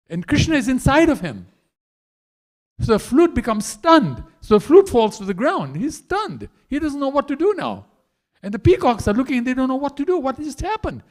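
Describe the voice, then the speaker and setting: A man telling a story in a temple class, animated and acting out each character as he goes. His voice sits high and swings widely in pitch, and he keeps the telling lively. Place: temple hall.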